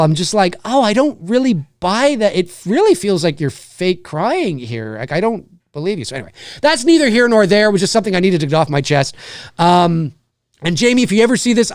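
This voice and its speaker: A man's voice: sits high, no room sound. A male host rants in a loose, profanity-laced way, circling back and restarting his thoughts. His voice swings widely up and down as he talks. The sound is dry and close to the mic. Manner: animated, swearing, rambling with restarts. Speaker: live show host. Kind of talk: casual profanity-laced rant.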